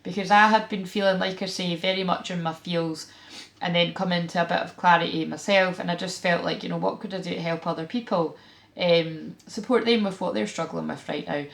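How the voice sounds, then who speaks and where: A Scottish woman talks through a spiritual reading in a frank, animated, chatty way, full of fillers and quick asides. Her voice sits on the low side and carries a gravelly, fry-tinged edge. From Scotland. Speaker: tarot reader and spiritual channeler. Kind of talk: casual spiritual vlog talk.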